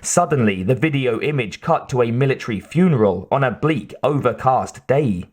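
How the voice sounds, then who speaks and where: A man narrating an audiobook in a measured, steady way. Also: medium pitch. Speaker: audiobook reader.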